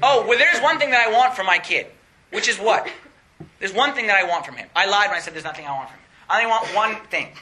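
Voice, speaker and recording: Young male preacher, high and very bright voice, animated and laughing often. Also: a little hiss or hum. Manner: animated, laughing often, rising to excited pitch. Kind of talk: sermon.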